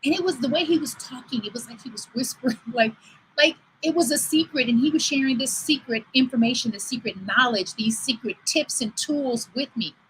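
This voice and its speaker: A woman in her forties or older hosts her own livestream, talking straight to viewers in a slightly high voice. She tells stories in a chatty way and acts out the lines people said to her. A faint hiss runs under the stream mic. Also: brisk, a bit bright, poor audio. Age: over 40. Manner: chatty storytelling, acts out quoted dialogue. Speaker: host. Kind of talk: livestream talk. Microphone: livestream computer mic.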